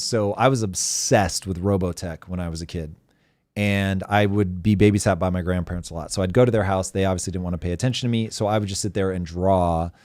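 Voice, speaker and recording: A man's voice: low voice, a little mellow, no room sound, clean studio sound. A man hosting a live talk show, chatting bluntly and animatedly, swearing freely. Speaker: host. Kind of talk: casual live show chat.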